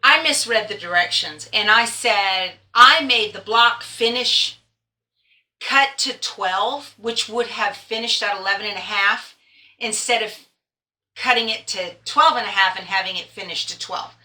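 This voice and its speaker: A woman's voice: medium pitch, normal speed, sharp tone. A woman hosting a quilting vlog, chatting casually and laughing at herself. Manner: chatty, self-deprecating, laughs often. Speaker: quilting blogger and host. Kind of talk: casual chat to camera. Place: at home, tractor outside.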